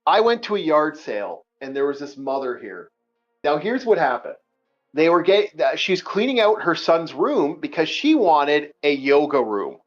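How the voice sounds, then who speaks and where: An animated, profane man tells a casual story in a high voice and acts out each exchange. The recording is dull and lo-fi, with faint music underneath. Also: moderate pace. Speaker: podcast host telling a story.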